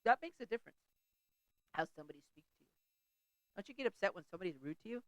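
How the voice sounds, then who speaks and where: A woman's voice: mid-range voice, animated, rapid-fire, no room sound, rough recording. A middle-aged woman hosting a faith talk show, preaching in a chatty, conversational way and often breaking off to laugh or restart a thought.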